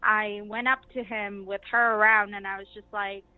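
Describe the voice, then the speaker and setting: A woman's voice: mid-range voice, level tone, normal speed, dry recording. A woman guest casually recounting events, chatty, with many fillers. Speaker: interview guest, activist delegate. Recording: tinny phone-line sound.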